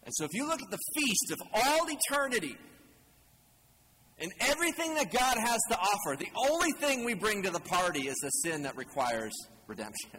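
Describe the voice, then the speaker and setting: A man's voice: high-pitched, big pitch swings, normal speed, pushed and bright, breathy edge. A man preaching a conversational sermon as a pastor, casual and joking, asking the congregation questions. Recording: long hall reverb, faint ambient noise.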